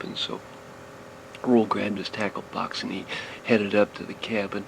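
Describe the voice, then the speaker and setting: A man's voice: fairly low pitch, flat delivery, measured pace, creaky. An older man telling a children's story in a folksy, rambling way, often restarting his sentences. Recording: noisy recording, vehicle noise behind.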